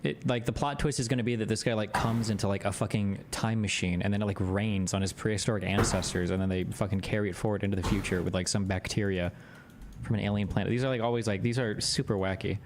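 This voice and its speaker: A man's voice: fairly low pitch, fairly even intonation, fast, background noise. Crude, rambling male streamer. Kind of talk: live reaction commentary.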